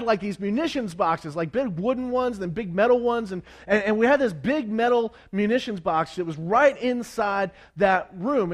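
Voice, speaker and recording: A man preaching to a congregation, telling a story in an animated way with many stumbling restarts and acted-out quotes. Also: high-pitched.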